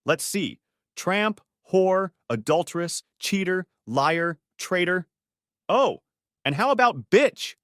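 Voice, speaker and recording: A furious young daughter, mocking and scornful, her voice pitched up and sharp, as a male narrator puts her on. Dry, close sound. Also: expressive, takes it slowly, dry recording, heavily acted.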